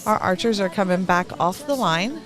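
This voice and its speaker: A woman's voice: mid-range voice, expressive, moderate pace, music in the background. A middle-aged woman with a Texan accent giving rambling, talkative live commentary at an event, laughing between thoughts.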